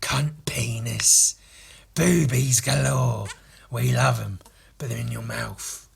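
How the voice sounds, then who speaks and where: A man doing a voice of a cruel, sneering male cartoon rock bassist, gravelly and half whispered. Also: steady tone, slow, full character voice. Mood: leering.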